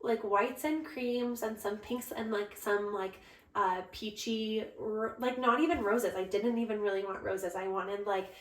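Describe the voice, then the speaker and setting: A young adult woman co-hosting a podcast, telling a story in a casual, animated way and jumping up high when she quotes herself. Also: a little slow. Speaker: podcast co-host, bride. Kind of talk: casual chat. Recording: echoey room.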